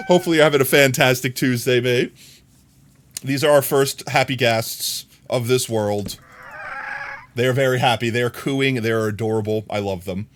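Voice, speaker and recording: A man streaming a game live, ranting and chatting with his viewers in a jokey, animated way. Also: medium pitch, a little slow, long pauses, slight background noise. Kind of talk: live gameplay commentary.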